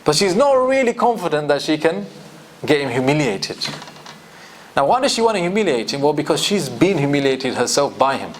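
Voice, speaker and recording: A man's voice: fairly high pitch, sing-song, brisk, slight background noise. A man teaching a Quran commentary class, explaining and asking his students questions. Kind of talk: classroom tafsir lecture.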